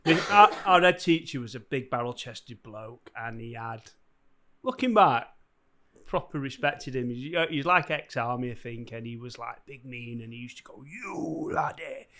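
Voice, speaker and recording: A man's voice: medium pitch, normal speed, fairly bright tone. A man co-hosting a comedy podcast, telling slangy anecdotes in casual chat and laughing a lot. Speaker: podcast co-host.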